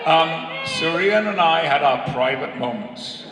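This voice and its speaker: Slow, wry man in an echoey hall. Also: on the high side, lively intonation, far from the mic, a crowd in the background, background noise. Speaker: convention panelist. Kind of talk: storytelling on a convention panel. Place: large convention hall.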